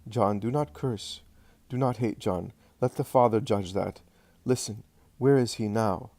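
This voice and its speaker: A man voicing a grieving middle-aged mother who speaks softly and haltingly, gentle and steadfast. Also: on the low side, dry recording. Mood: tender, hushed. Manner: soft, hushed, halting between short sentences.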